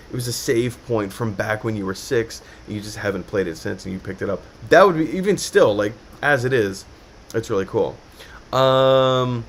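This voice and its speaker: A man hosting a casual live-stream chat, animated and quick to laugh. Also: medium pitch, a little hiss or hum. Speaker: host of a live show.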